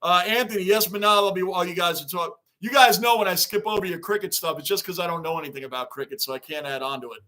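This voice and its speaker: A man's voice: high-pitched, quick pace, hardly any pauses, pushed and bright. A man hosting a casual sports livestream, chatting loosely, greeting viewers by name and repeating his points. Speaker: livestream host reading fan chat.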